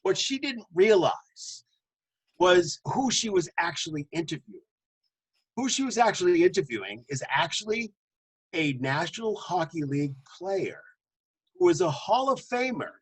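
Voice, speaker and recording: Male co-host, a touch high-pitched, chatty storyteller who laughs between restarts. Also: big pitch swings, normal speed, slightly rough, low-quality recording. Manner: jokingly puts on a booming announcer voice. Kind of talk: casual podcast chat.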